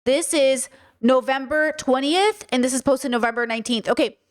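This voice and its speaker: A woman's voice: sits high, moderate pace. A woman hosting a reaction commentary video, talking bluntly and emphatically, with frequent swearing.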